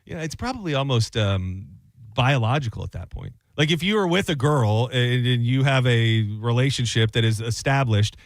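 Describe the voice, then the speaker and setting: A man hosting a radio talk show, chatting casually and rambling through halting restarts. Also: mid-range voice, animated, dry recording. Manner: rambling, halting restarts, reads listener letters aloud.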